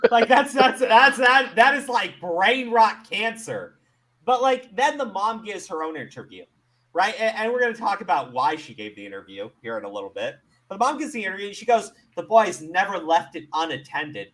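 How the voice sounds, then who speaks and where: A man's voice: sits high, big pitch swings, normal speed, sharp tone. A man hosting a commentary show, ranting with exasperation and plenty of profanity.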